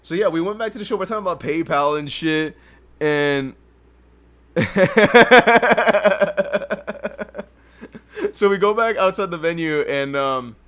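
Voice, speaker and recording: A young man hosting a podcast alone, telling a story in an animated, profane way and laughing often. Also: high-pitched, slow. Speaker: podcast host. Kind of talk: casual storytelling. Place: home livestream setup.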